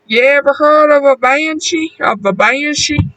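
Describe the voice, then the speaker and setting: A man putting on a hoarse, drunk man. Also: very high-pitched, unhurried, bright, forceful tone, no room sound, pitched above the performer's own voice, full character voice, poor audio. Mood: gruff. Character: drunk, weary Irish man, gruff and brash.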